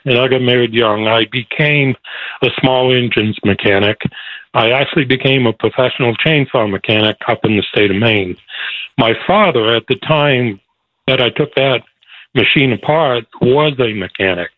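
A man's voice: medium pitch, moderate pace, dry recording. A man telling a personal story as a phone-in guest, chuckling as he goes and moved at times. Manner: chuckling storyteller, gets emotional. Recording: tinny dry phone line.

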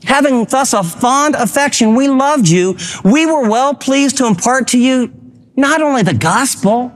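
A man's voice: expressive, unhurried. A man preaching a sermon, reading scripture and urging his listeners with passion. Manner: impassioned preaching, rising high when quoting encouragement. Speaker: pastor.

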